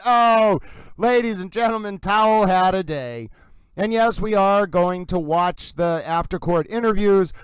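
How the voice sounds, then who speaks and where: A young man hosting a casual livestream, chatty and excitable, rambling and wired from caffeine. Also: sits high, clean tone, no echo, rough recording. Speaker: livestream host.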